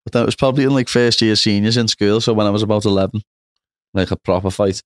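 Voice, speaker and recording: A man's voice: on the low side, little pitch movement, fast talker, no room sound, clean studio sound. A young man with a Liverpool accent, chatting as a podcast guest and tagging on "know what I mean". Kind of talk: casual chat.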